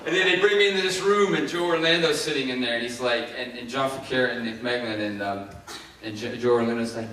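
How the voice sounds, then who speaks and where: A man's voice: medium pitch, fairly quick. A middle-aged man from Ohio tells his story in a keynote, acting out the voices of the people he quotes. He sounds far from the mic in a strongly echoing hall, with faint room noise behind him. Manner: animated, acts out quoted voices. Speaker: keynote speaker. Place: large conference hall. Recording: echoey hall, heard from far off.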